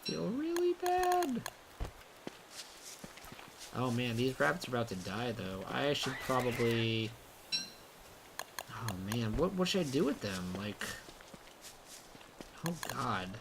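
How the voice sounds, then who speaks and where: A young man commenting live on his own gameplay, excitable, rambling and poking fun at himself. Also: mid-range voice, unhurried, vocal fry, pauses often, background noise. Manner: excitable, rambling, self-mocking. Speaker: game streamer.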